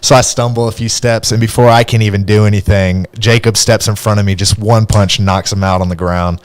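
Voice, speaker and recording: A man's voice: on the low side, steady tone, fairly quick, smooth, dry recording. A young man, a podcast host, telling a story in a casual way and laughing often as he goes.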